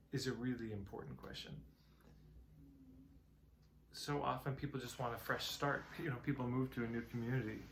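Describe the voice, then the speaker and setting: Musing man with a gravelly voice. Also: mid-range voice, fairly bright tone, a little hiss or hum. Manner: musing, conversational, tells parables. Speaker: marketing teacher. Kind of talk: reflective talk to camera.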